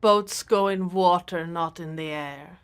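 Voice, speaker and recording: A woman voicing a gruff, blunt male minotaur warband leader who is wary of strangers. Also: lowish voice. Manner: blunt, suspicious, drawn-out.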